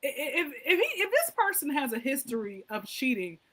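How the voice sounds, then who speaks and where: High-pitched emphatic woman podcast host. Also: fairly quick, rough recording. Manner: emphatic, questioning, lively asides. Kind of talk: casual chat.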